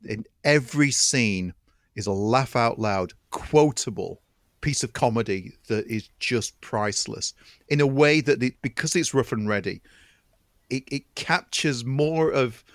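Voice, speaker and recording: A man's voice: mid-range voice, a little slow, no room sound, studio quality. A man co-hosting a film podcast, chatting with enthusiasm and often restarting and repeating words as he builds a point. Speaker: podcast co-host. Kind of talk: casual film chat.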